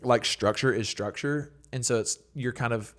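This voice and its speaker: A man's voice: mid-range voice, normal speed. A young man, a worship leader and songwriter, telling stories in a casual podcast interview with lots of fillers. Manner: rambling, filler-heavy, animated storytelling.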